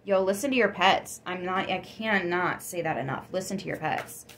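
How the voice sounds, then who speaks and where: A woman giving a casual tarot reading, chatty and excitable, with frequent gasps and laughs. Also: fairly low pitch, moderate pace, a little hiss or hum. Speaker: tarot reader.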